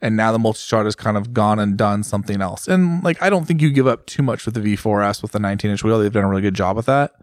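A man's voice: on the low side, animated, fast, few pauses, no echo. A man co-hosting a casual motorcycle chat, rambling with many fillers and restarts. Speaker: podcast co-host.

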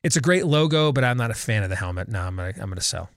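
A man's voice: fairly low pitch, expressive, racing, dry recording, studio quality. A man hosting a talk show, chatting loosely with his co-hosts and breaking for live ad reads. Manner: loose, conversational, with frequent restarts and asides. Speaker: radio show host.

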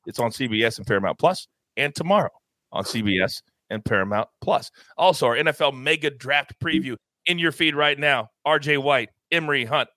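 A man hosting a sports betting show, running through picks with hype, loud bursts and catchphrases. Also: mid-range voice, dry recording. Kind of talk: energetic sports betting talk.

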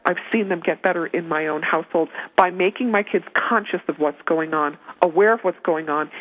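A woman giving parenting advice on a talk show, earnest and emphatic, often repeating her key points. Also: fairly low pitch. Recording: narrow phone-line sound.

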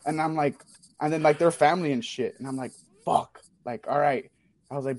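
A young man, telling a rowdy story on a talk show, swearing freely and talking fast. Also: on the high side, no echo. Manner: profane, animated storyteller. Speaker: caller sharing a story. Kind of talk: casual storytelling.

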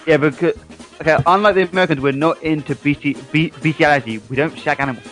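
A man's voice: fairly high pitch, fast, a bit bright. A young man from southern England with an English accent, co-hosting a casual internet radio chat, cheeky and prone to stammering restarts. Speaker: co-host. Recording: internet radio with faint music.

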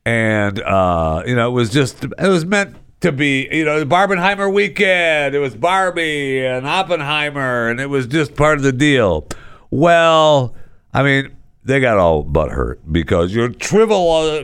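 A man's voice: medium pitch, big pitch swings, a little slow, a bit bright, clean tone, no room sound. A man hosting a talk show, ranting sarcastically about the news, often tripping over his words and restarting. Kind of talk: casual talk-show commentary.

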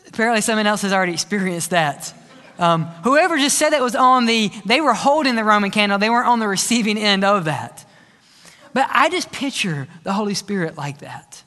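A man preaching a sermon as pastor, telling stories in a lively way, with playful sound effects and asides. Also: high-pitched, brisk. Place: church sanctuary. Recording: church hall reverb.

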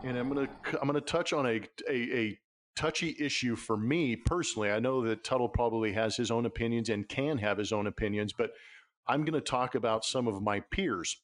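A man's voice: mid-range voice, fairly quick. A man hosting a sports podcast, talking in a casual, jokey, easygoing way. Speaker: podcast host.

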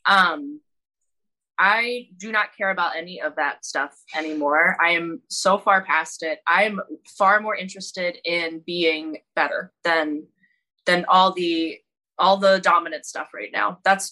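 Candid bright-voiced woman, swearing freely. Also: fairly low pitch, low-quality recording. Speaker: wrestling show organizer. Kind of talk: casual podcast chat.

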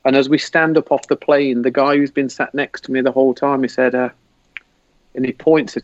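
A man's voice: mid-range voice, normal speed, dry recording, dull audio. A man with an English accent telling a rambling, laughing story as a podcast guest. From England. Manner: rambling, laughing, animated retelling. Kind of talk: casual storytelling. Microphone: video call.

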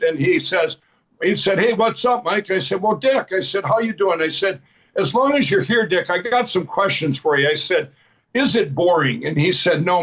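A man's voice: high-pitched, fairly bright tone, low-quality recording. A man guest telling his personal testimony in a rambling, earnest way, often repeating "I said" as he retells conversations and laughing at his own story.

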